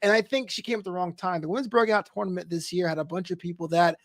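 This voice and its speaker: A man with a high voice co-hosting a podcast, talking in an emphatic, animated way and joking as he goes. He leans hard on his points. The recording is dry and close to the mic. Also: fast, dry recording. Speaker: podcast co-host. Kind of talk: casual wrestling podcast chat.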